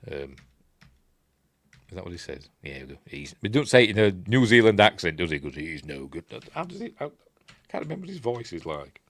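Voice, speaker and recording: A man's voice: on the low side, very animated, fast, fairly bright tone. A Yorkshire man talking casually about a film as its reviewer, rambling and correcting himself with chuckles and asides. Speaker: film reviewer, channel host.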